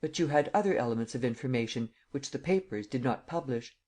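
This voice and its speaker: A man voicing a commanding imperial visitor who speaks calmly and evenly, in an audiobook reading. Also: mid-range voice, a little fast, natural voice. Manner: calm, even, stating rather than asking.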